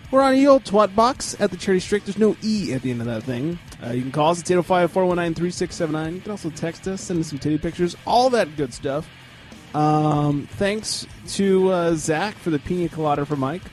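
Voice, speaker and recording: Joking man hosting a sports podcast. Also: high voice. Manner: loose, joking, plugs with filler words. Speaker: podcast host. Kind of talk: casual sports comedy chat.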